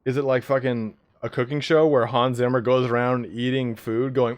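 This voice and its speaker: A man's voice: medium pitch, flat delivery, normal speed. A man hosting a live stream, chatting casually with viewers in a joking, profane way. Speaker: livestream host of a game league.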